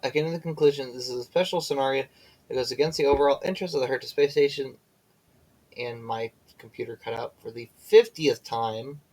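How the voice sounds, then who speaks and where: A man's voice: mid-range voice, darkish tone, poor audio. A tired man streaming a game, reading its dialogue aloud with slips and self-corrections, breaking off to chat and yawning.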